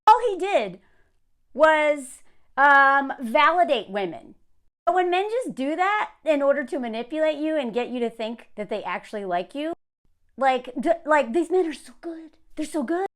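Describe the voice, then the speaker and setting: A woman's voice: sits high, expressive, moderate pace, fairly bright tone. A woman giving an opinionated commentary rant to camera in a sarcastic, scornful way. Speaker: commentary vlogger.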